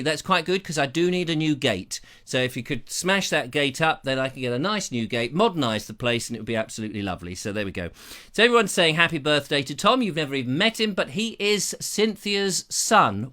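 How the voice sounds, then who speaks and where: A man's voice: fairly high pitch, sharp tone. A man hosting a live stream with jokey, rambling chat and playful asides. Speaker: host.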